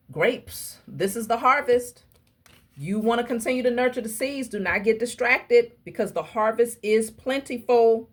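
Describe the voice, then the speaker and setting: A woman with a low, husky voice reads tarot cards for her viewers. She speaks emphatically, like a preacher, and addresses her audience directly as she lays out each message. Her tone stays slightly breathy throughout. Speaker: tarot reader. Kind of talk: casual tarot reading to viewers.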